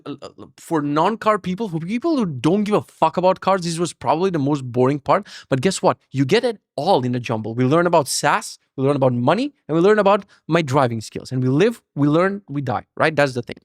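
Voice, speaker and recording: A young man hosts a podcast in a loose, storytelling ramble, swearing freely and slipping into mocking voices. His voice sits a touch high for a man. The sound is dry and close, with no room around it. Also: fairly quick, few pauses, no echo. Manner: swears a lot, animated, acts out voices for laughs. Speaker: podcast host. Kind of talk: casual storytelling monologue.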